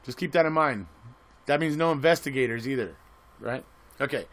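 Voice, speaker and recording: A man's voice: medium pitch, fairly quick, fairly bright tone. Rambling man giving casual commentary. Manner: rambling, with frequent restarts and repeated words. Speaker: online commentator.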